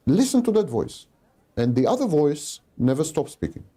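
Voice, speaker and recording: A man's voice: fairly high pitch, sing-song, moderate pace, mellow, slightly rough. A man giving a talk in a didactic, emphatic way, repeating his key phrases, in a played recording. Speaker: lecturer.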